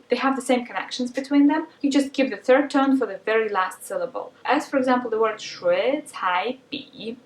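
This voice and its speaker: Woman teaching in a roomy echo. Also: on the high side. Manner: patient and instructive, with occasional fillers. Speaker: language teacher. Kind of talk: explaining pronunciation rules. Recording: roomy sound from a distance.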